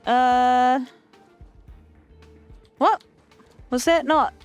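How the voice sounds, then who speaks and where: A woman's voice: high voice, fairly even intonation, extremely slow, lo-fi sound, soft background music. Chatty, swearing young woman gamer. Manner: chatty, profane, self-mocking. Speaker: gaming channel host. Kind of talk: casual let's play commentary.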